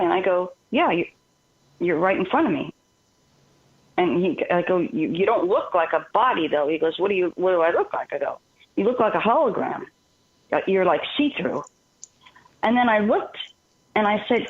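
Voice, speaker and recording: A woman's voice: fairly low pitch, moderate pace. Woman telling a story over the phone. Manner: acts out both sides of a conversation. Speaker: guest. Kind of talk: animated storytelling. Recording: tinny phone line.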